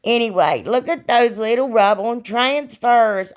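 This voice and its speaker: A woman, a bit hoarse from losing her voice, rambling chattily through a crafting voiceover as a channel host. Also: lowish voice, animated, moderate pace. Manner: chatty, rambling, self-deprecating, frequent "y'all" and "anyway".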